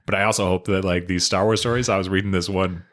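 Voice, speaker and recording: A man's voice: low voice, steady tone, fast talker. A young man co-hosting a casual podcast, laid-back and laughing often. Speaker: podcast co-host. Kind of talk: casual chat.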